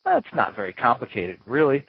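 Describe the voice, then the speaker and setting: Recording from a small home studio in Florida, a podcast host kicks off his interview show in a chatty, playful manner full of mock-dramatic asides. He speaks fairly quickly at a medium pitch with huge swings, a creaky, breathy edge, and dry, dull audio.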